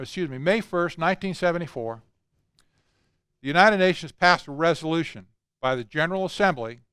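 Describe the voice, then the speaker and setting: A man's voice: on the high side, a bit bright, clear, resonant tone, no room sound, studio quality. Emphatic older man giving a lecture. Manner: emphatic, conversational, with asides and mimicry. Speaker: conference speaker. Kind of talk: lecture talk.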